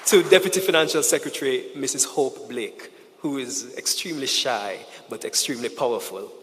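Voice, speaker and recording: A man's voice: medium pitch, fairly bright tone, slight background noise. Man giving a speech in a reverberant hall. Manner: measured, emphatic, rising to a rallying close. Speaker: conference speaker, head of a government office. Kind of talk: formal speech with thanks and a closing charge. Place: large conference hall.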